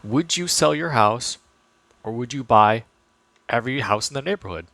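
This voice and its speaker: A man's voice: mid-range voice, expressive, moderate pace, creaky, a bit bright, no room sound. A man talking casually about investing to his viewers, chatty and loose, full of fillers and restarts. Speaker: finance vlogger. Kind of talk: casual talk to camera.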